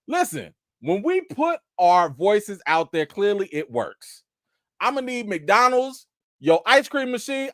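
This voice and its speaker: A man hosting a casual live-stream chat, speaking, breaking into excited exclamations and reading viewer comments aloud. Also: fairly high pitch, dry recording, studio quality. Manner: animated, preacher-like exclamations. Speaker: host of a live chat show.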